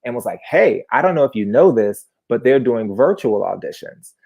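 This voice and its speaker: Young man in his 20s, live storyteller, chatty and animated, mid-pitched voice. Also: moderate pace, vocal fry, breathy edge. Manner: animated, chatty, jumps into high-pitched bursts.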